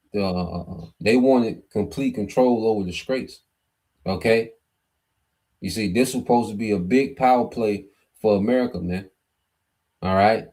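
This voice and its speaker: A man's voice: fairly low pitch, mellow. A man hosting a livestream of Bible prophecy commentary, reading scripture aloud and tagging nearly every phrase with "okay," "man," or "all right.". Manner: reads scripture aloud, then explains word by word.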